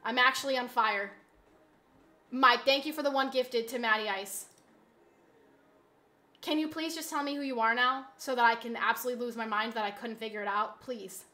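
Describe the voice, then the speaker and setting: A woman streamer in casual live-stream chat, pleading dramatically with her viewers and swinging from soft begging to loud shouting. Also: a little high, steady tone, moderate pace, pauses often.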